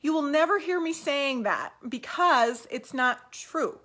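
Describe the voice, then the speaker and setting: Chatty woman at home on camera, kinda high voice, upbeat, rambly pep talk vibe. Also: expressive, unhurried, pushed and bright. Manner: upbeat, encouraging, rambling with fillers. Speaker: doll collecting vlogger.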